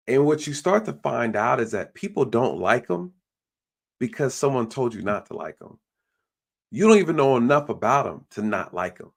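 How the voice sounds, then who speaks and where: A man's voice: lowish voice, animated, brisk, creaky. A man hosting a live stream, talking bluntly in a ranting way and mimicking the people he quotes. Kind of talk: casual opinion talk.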